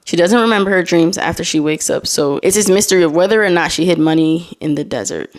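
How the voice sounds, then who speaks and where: A woman's voice: lowish voice, fast talker. Chatty woman hosting a casual solo podcast. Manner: chatty, reads posts aloud with laughing asides. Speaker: podcast host.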